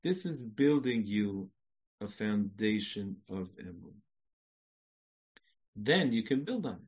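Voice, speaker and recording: A man's voice: fairly low pitch, big pitch swings, slow, a little mellow, breathy edge, low-quality recording. A man giving a religious lecture, repeating short phrases, laughing and breaking into song. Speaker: Jewish lecturer.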